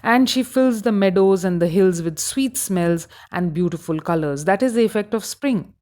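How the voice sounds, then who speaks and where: A woman with an Indian English accent giving a recorded lecture on a poem, explaining slowly with many hesitations. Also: medium pitch, darkish tone. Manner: halting, explanatory, many fillers.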